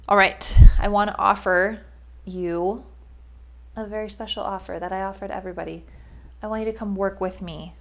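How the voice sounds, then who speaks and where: A woman's voice: mid-range voice, normal speed. A young adult woman, a life coach, giving a casual but emphatic motivational monologue with frequent "like" fillers.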